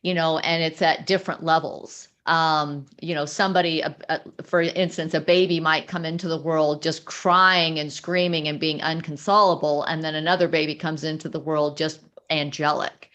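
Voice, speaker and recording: A woman hosting a discussion who explains ideas in a measured way and refers to books. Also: sits low, fairly even intonation, a bit bright. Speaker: host. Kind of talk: casual discussion.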